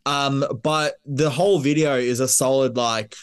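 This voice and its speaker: A man, an Olympic shooter, guest on a podcast. He tells stories in a relaxed way with laughing asides and filler words, at an ordinary middle pitch. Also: unhurried, clear, resonant tone. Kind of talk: casual interview.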